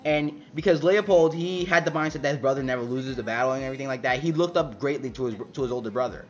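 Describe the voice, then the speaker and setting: A man's voice: medium pitch, fast, highs cut off. Rambling man recapping a comic chapter. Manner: rambling, many fillers and restarts. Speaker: manga reviewer.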